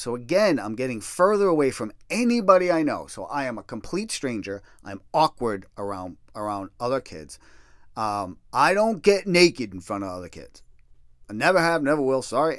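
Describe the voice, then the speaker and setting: A man's voice: medium pitch, no room sound, studio quality. A middle-aged man telling a personal story in a casual, profane, self-deprecating way.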